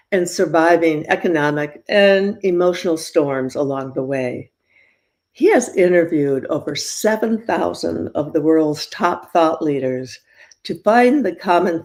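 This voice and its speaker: A woman's voice: deep voice, a little mellow. An older woman hosts a podcast interview in a bubbly, chatty way. She laughs often between her questions and keeps the guest talking. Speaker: podcast host.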